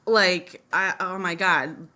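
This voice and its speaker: A woman's voice: on the low side, steady tone, slow pace, sharp tone. A woman chatting casually through a makeup tutorial while telling a personal story, rambling with lots of "like" and "you know". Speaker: beauty vlogger and mother.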